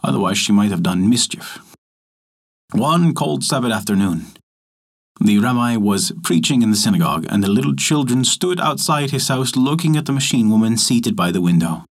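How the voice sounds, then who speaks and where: A man narrating a folktale as a storyteller, in a measured, expressive manner. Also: on the low side.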